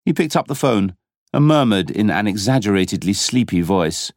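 A man reading a novel aloud as an audiobook narrator, in a dramatic, expressive style. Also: on the low side, normal speed, dry recording, studio quality. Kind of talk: scripted narration.

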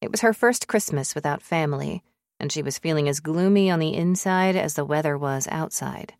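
Woman audiobook narrator, deep voice, dead dry studio mic. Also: moderate pace, darkish tone, no room sound. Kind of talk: scripted narration.

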